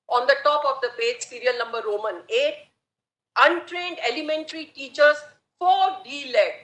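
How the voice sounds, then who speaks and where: A female advocate formally addresses the court with established courtroom phrases, her voice high, bright, and clear. It echoes around the spacious courtroom.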